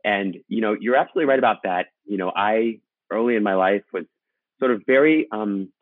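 A man's voice: on the low side, a little fast, no room sound. A male host in a casual interview, talking in a reflective, affirming way. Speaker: podcast host. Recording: tinny phone line, dry.

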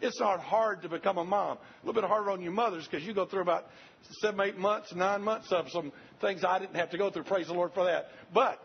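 A man's voice: sits high, a little fast, a little hiss or hum. An older man preaching a sermon, earnest and repetitive, speaking straight to the congregation. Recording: dull lo-fi recording.

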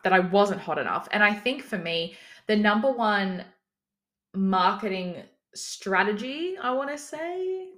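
A woman's voice: mid-range voice, bright, forceful tone. A young woman hosting her own podcast, talking candidly in a casual, chatty way, swearing freely and using lots of "like" fillers. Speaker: business coach, podcast host. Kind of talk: candid solo podcast monologue.

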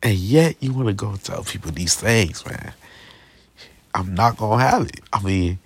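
A man's voice: on the low side, measured pace, vocal fry, slightly rough, dry recording. A young man in a casual, slangy vlog rant, aggrieved and repetitive, often checking in with the listener. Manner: slangy, repetitive, aggrieved, keeps asking "you feel me". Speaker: vlogger. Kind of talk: casual straight-to-camera rant.

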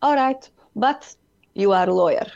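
A woman imitating her strict, conservative father with a heavy Serbian accent, speaking low and quietly in a dull, lo-fi recording. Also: expressive, moderate pace, vocal fry, dry recording. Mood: grudging.

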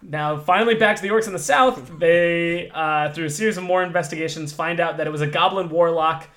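A man's voice: fairly high pitch, brisk, fairly bright tone. A man recapping a fantasy campaign in casual chat, rambling, with many fillers and self-corrections. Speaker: game master recapping a campaign.

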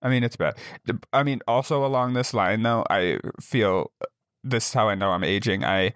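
A man's voice: on the low side, moderate pace, dry recording. A young adult man co-hosting a comedy podcast, telling self-deprecating stories in casual chat. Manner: animated, self-deprecating storytelling.

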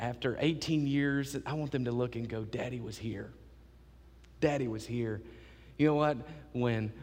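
A man preaching a sermon, telling a lively, joking story to his church. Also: medium pitch, big-room sound.

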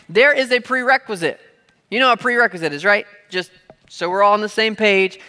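Man, pastor, sermon, bright forceful tone, conversational, call and response with the congregation. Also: high-pitched. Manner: conversational, asks the crowd to repeat words; playful asides and everyday examples. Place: church hall. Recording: long reverb of a large hall.

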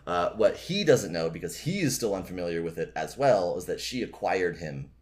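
Low-voiced man doing a rambling casual recap. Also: very animated, moderate pace, darkish tone. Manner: casual, rambling recap full of filler words. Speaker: podcast host recapping a book. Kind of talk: casual podcast chat and book reading.

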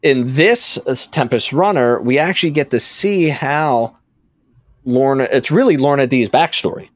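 A man's voice: mid-range voice, normal speed, no room sound. Rambling man hosting a podcast. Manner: rambling, self-interrupting storyteller. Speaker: podcast host. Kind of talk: casual podcast discussion. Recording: dry studio sound.

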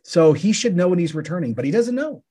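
A man co-hosts a podcast, walking through Bible passages in a relaxed, conversational teaching style. His voice is husky and mellow, with a soft, warm tone. He keeps it lively by voicing the questions his listeners might ask. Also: high-pitched, quick pace. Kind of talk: casual Bible teaching chat.

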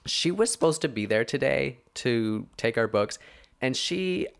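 A man's voice: mid-range voice, animated, moderate pace, vocal fry. A young man hosting a podcast, ranting casually and rambling with many filler words and self-corrections. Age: young adult. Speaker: podcast host.

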